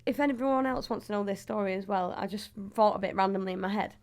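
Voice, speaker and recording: A woman in her twenties speaks in a northern English accent at a mid pitch. She chats casually and easily, laughing often and stretching out her fillers. She sounds like a footballer guest on a friendly talk show. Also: quick pace. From England. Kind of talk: casual chat.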